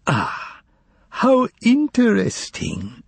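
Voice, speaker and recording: A man's voice: a little high, very animated, takes it slowly, breathy edge, no echo, voice pushed up, full character voice. A man reading an audiobook voices an eccentric, overly polite male foreign stranger with a put-on foreign accent, drawing out his exclamations. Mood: delighted.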